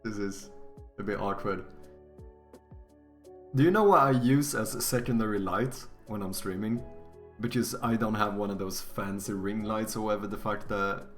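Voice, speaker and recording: A man's voice: lowish voice, brisk, a bit bright, soft background music. A young man streaming from his home setup, chatting casually while he codes, joking about himself and swearing freely. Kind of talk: casual live-stream chat while coding.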